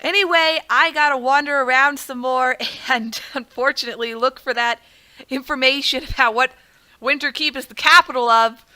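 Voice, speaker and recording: Bright, high-voiced young woman gamer. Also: steady tone, moderate pace. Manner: chatty, self-deprecating, laughs often. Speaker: gaming video creator. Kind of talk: casual gameplay commentary.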